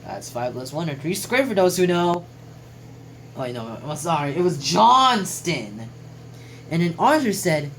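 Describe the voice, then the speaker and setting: A woman with a fairly low voice reads from a journal, riffing on each entry in a casual, rambling way. Her pitch jumps around a lot, and she swears casually and trails off mid-sentence. A faint hiss sits under her voice. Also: animated, normal speed, rough recording. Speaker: classmate reading out a class quote journal.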